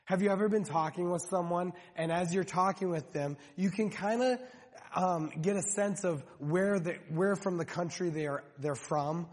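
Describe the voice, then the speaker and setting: A man's voice: sits high, normal speed, darkish tone. A man preaching a sermon as pastor, speaking conversationally with frequent restarts and rhetorical questions. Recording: long hall reverb.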